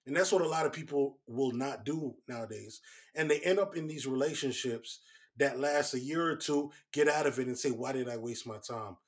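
A man's voice: a little high, normal speed. A man co-hosting a casual talk, giving earnest, lecturing relationship advice. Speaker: co-host. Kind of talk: casual chat.

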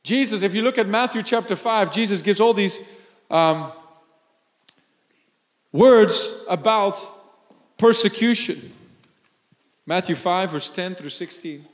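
Male pastor, high voice, lively sermon delivery, bursts of laughter and shouts, echoing church hall. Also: slow pace, pauses often. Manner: animated, laughing and shouting for emphasis.

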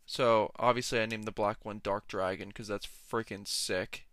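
Young male podcast host, rambling jokey rants, smooth voice, dry close sound. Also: lowish voice, steady tone, moderate pace, a bit bright, no room sound. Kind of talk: casual solo podcast monologue.

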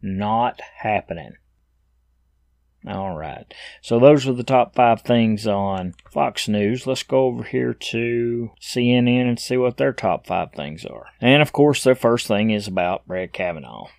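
A man's voice: medium pitch, unhurried, creaky, a little mellow, dry recording, studio quality. A man in middle age giving casual commentary on news headlines, reading each item aloud and then adding blunt, opinionated asides.

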